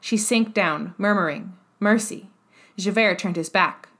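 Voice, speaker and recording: A woman reads a classic novel aloud in a steady, formal narrating voice. Her voice sits at an ordinary middle pitch, neither high nor low. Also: moderate pace. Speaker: audiobook narrator.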